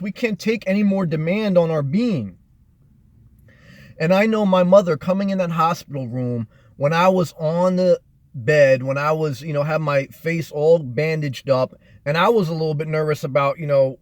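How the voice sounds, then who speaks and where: A man talks straight to the camera in a motivational vlog, earnest and unhurried. He circles back on his points with fillers and repeats key phrases for weight. His voice sits a little high, and the recording is dry and close with no room sound. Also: a little mellow, no echo. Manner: earnest, repetitive, measured delivery with many fillers. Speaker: motivational vlogger. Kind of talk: reflective motivational monologue.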